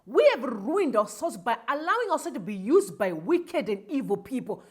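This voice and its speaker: Zimbabwean woman host, high animated delivery, fiery preachy commentary. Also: moderate pace, breathy edge. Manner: emotional, preachy, switches into Shona. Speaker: show host. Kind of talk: impassioned commentary.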